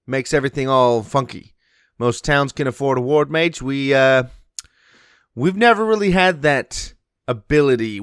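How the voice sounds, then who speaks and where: A man's voice: lowish voice, gravelly, fairly bright tone, clear, resonant tone, no room sound, studio quality, pitched below the performer's own voice. A man voicing a friendly, talkative orc man who leads a ranger guild, with an accent that drifts from British to Kiwi.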